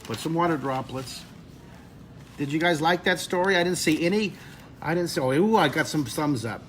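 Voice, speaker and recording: Animated man telling a story to kids. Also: a little high, moderate pace, slight background noise. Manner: lively, expressive, jumps to shrieks for effect. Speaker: drawing teacher.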